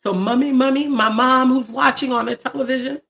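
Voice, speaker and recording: Young woman poet hosting a live stream, playful asides between poems, bright, a little high. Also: steady tone, brisk, creaky, dull audio. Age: young adult. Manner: playful, talks back to herself, swings from joking to tearful. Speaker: poet and channel host.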